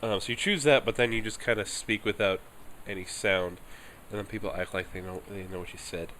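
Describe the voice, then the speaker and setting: Low-voiced man mumbling game commentary. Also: steady tone, brisk, fairly bright tone, a little hiss or hum. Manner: offhand, mumbling asides, reads dialogue aloud. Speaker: streamer. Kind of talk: casual game playthrough commentary.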